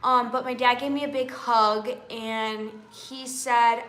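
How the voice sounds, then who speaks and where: A woman's voice: fairly high pitch, level tone, slow, few pauses, fairly bright tone, a little hiss or hum. A woman hosting a livestream, telling a personal story in a chatty way and often checking in with her viewers. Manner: chatty, keeps checking in with viewers ("okay?", "you guys"). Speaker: livestream host. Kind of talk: casual storytelling to a live audience. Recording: roomy echo.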